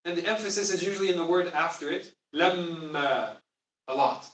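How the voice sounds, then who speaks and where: A man's voice: fairly high pitch, fast talker, fairly bright tone. A man teaching a Quran class, explaining emphatically and quizzing his students. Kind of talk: classroom lesson. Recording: echoey room, distant mic.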